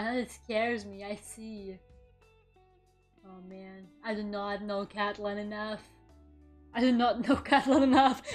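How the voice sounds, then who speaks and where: Young woman, high voice, chatty art streamer, faint music underneath. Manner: chatty, playful, mutters while working, sudden dramatic shrieks. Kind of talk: casual live-stream chat while drawing.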